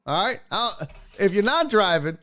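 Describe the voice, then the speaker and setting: A man's voice: high-pitched, big pitch swings, moderate pace, sharp tone, no echo. A man hosting a casual sports and entertainment livestream, telling jokey stories and reading viewer chat aloud. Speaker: sports and entertainment show host.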